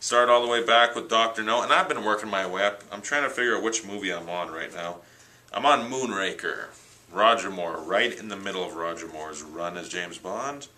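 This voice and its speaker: A low-pitched man talks at normal speed in a pushed, bright voice, reviewing his new films with rambling enthusiasm. It's an unscripted vlog he shot himself on a handheld camera, and the audio is rough.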